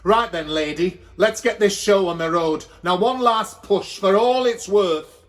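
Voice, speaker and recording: A man's voice: high-pitched, measured pace. A man with a Welsh accent voicing a boozy, bossy drag queen hostess who calls everyone dear. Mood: brusque.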